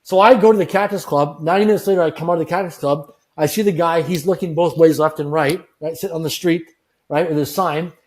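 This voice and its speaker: A man tells motivational stories from his own life. He sits a little high in pitch and sounds earnest and emphatic. He acts out the other people in his stories and drives his lessons home by repeating them. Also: steady tone, fast, darkish tone. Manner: earnest, repetitive, emphatic with quoted dialogue. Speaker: interview guest. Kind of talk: motivational storytelling.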